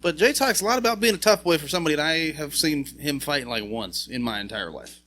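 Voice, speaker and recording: A man's voice: on the high side, lively intonation, quick pace, sharp tone. A man co-hosting a podcast in casual chat, blunt and emphatic and swearing freely. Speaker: podcast co-host.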